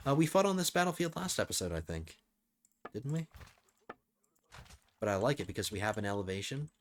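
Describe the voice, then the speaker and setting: A man's voice: on the low side, sing-song, brisk, a little hiss or hum. A man whose voice is strained, casually talking through his moves as he plays a strategy game. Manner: thinking out loud while playing. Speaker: gaming channel host. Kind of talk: casual let's play commentary.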